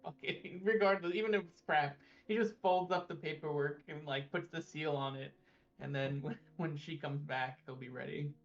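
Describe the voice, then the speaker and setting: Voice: medium pitch, fairly even intonation, moderate pace, muffled recording. A player in a tabletop game, talking in a rambling, casual way.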